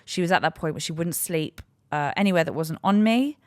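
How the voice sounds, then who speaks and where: Low-voiced woman, frank comic storyteller. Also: a little fast, no room sound. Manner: frank, self-mocking, rambling with restarts. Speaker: podcast host and stand-up comedian. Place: podcast studio.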